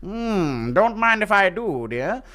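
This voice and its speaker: Smarmy old-time gentleman, a man putting it on, humming and drawling, raised voice. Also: sits high, big pitch swings, voice pushed up, exaggerated voice. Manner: smarmy, drawn-out hums.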